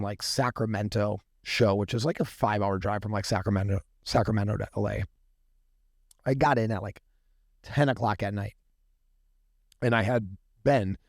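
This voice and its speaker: This fairly low-voiced man is a company founder guesting on a podcast, recorded cleanly in a studio room with no room sound. He spins casual, animated stories, swearing without restraint and acting out each character.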